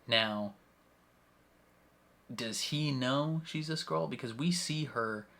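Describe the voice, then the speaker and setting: A young man casually recapping and reacting to a TV episode, retelling scenes with lively acted-out quotes and frequent laughter. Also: mid-range voice. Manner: animated retelling, acts out quoted lines, laughs often. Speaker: reaction video host.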